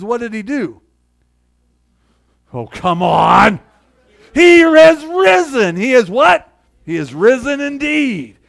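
Man preaching an animated sermon. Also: high-pitched. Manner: animated preaching with call-and-response, reads scripture aloud. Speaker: pastor.

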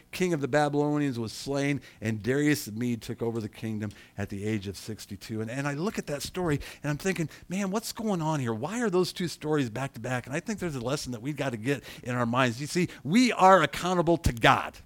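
A middle-aged man preaching a sermon, animated, acting out quotes and asking his congregation questions. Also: fairly high pitch, no echo. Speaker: pastor.

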